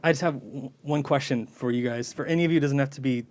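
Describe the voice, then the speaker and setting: A man from a string quartet closes out a casual livestream, sounding easygoing and friendly. He talks at an everyday middle pitch and stumbles over his words now and then. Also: fast, darkish tone.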